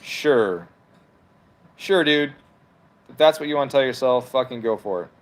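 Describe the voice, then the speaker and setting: A man's voice: medium pitch, expressive, unhurried. A man hosting a livestream from home, reading chat messages aloud and arguing back in a heated, profane, casual rant. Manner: profane, argumentative, talks back to comments.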